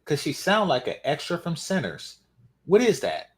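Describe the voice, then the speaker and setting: A man's voice: fairly high pitch, huge pitch swings, normal speed. A man hosting a reaction commentary, sarcastic and mocking. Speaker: commentary channel host.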